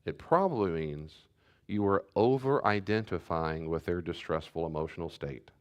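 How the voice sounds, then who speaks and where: A man's voice: deep voice, moderate pace. A middle-aged man, a pastor, teaching a church class in a conversational way, repeating his key points and restarting sentences as he goes.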